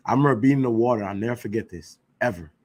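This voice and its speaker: A man leads an informal scripture class in a loose, slangy way. He presses his points with rhetorical questions and keeps checking that his listeners follow him. His voice sits in an ordinary middle pitch. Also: rapid-fire, darkish tone. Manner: emphatic, rhetorical questions, slangy, keeps asking "you know what I'm saying". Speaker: class teacher.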